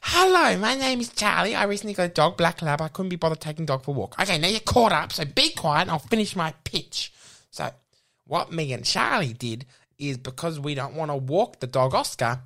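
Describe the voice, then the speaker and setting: A man playing a nervous young pitching a silly dog business, who rambles and keeps restarting. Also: a little fast, a bit bright. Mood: flustered. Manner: rambling, restarts again and again, flustered. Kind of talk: improvised comedy sketch.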